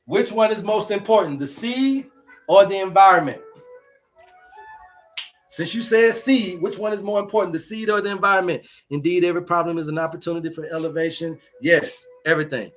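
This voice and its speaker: High-pitched guy w/ aave preaching to his chat, slangy, repeats himself a lot. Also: fairly quick, soft background music. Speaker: host. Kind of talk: livestream teaching chat.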